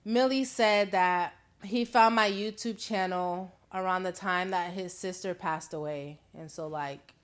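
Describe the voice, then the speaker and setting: A woman's voice: on the low side, fairly even intonation, measured pace, few pauses. A young adult woman hosting a casual live-stream call-in show, talking candidly, swearing freely and laughing often. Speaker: host.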